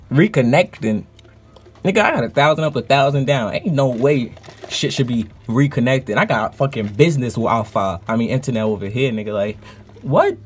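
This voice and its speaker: A man who streams, telling a story in a casual, animated and profane vlog rant. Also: medium pitch.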